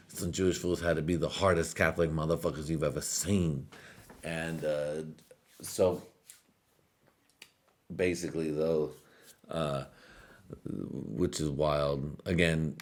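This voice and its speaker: Deep-voiced, rambling, high podcast man. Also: steady tone, slow pace, long pauses. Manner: rambling, profane, laughs often. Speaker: podcast host. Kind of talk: casual stoned monologue.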